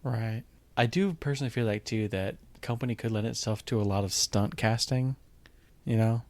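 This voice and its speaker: A man's voice: lowish voice, moderate pace, darkish tone. A man co-hosting a podcast in casual chat, easygoing and agreeable, often answering with short "right" and "mm-hmm". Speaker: podcast co-host. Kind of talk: casual chat about musical theater.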